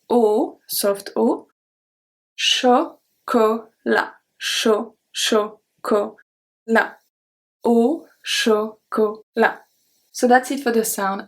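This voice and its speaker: A woman, teaching pronunciation and repeating words slowly and carefully. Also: fairly high pitch. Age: 30s. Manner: slow, careful repetition of words. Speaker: French teacher. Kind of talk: pronunciation lesson.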